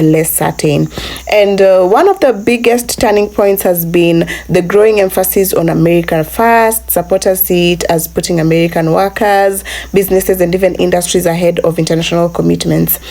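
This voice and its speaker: A woman's voice: fairly low pitch, a little mellow. A woman hosting a commentary channel, narrating from a script with frequent "uh"s and restarts, calling her viewers "family". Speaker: channel host.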